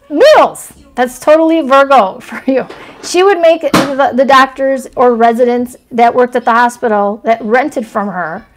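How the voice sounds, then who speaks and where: A woman hosting a casual astrology stream, chatting and telling rambling stories with lots of fillers. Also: on the high side. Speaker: astrology channel host.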